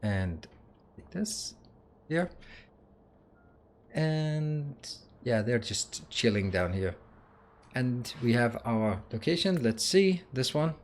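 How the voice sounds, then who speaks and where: With an unhurried, medium-pitched voice, this gaming YouTuber walks through changes in a casual commentary, thinking out loud with fillers and restarts while he has the hiccups.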